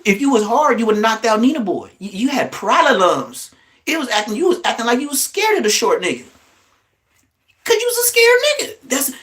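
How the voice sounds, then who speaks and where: A man hosting a livestream, giving blunt, profane, trash-talking commentary in an excitable way. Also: high voice. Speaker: livestream host.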